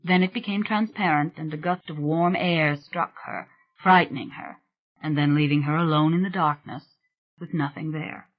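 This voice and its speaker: An audiobook narrator giving a measured, scripted reading of a gothic thriller novel. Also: medium pitch, dull audio.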